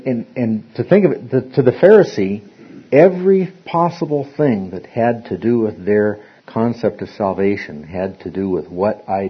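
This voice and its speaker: A man with a lowish, husky voice leads an interactive Bible study, rambling and often repeating words as he restarts sentences. The recording is dull and lo-fi.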